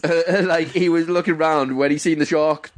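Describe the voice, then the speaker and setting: A young man telling a story in casual chat, acting out what people said with lively quoted voices. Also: a little high, normal speed, no room sound. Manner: animated, acts out quotes in voices.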